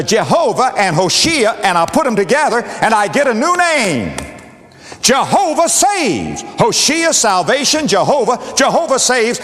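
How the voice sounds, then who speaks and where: A man preaching a sermon with a dramatic cadence, repeating phrases and swinging from booming to hushed. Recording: long hall reverb.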